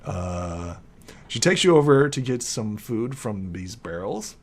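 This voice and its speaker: A man's voice: fairly low pitch, sing-song, slow. A young man narrating as game master in a tabletop game, rambling with many fillers.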